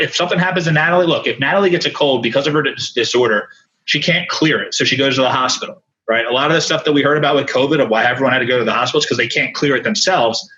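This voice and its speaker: A man speaking as a podcast guest and coach, telling candid stories in an animated, earnest way with many asides. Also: mid-range voice, lo-fi sound. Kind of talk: candid storytelling in conversation.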